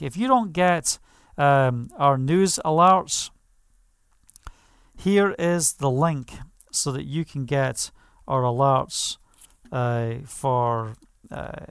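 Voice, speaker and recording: A man's voice: mid-range voice, clean tone, dry recording, studio quality. A man pastor preaching a passionate sermon, declaring over property and leading prayer.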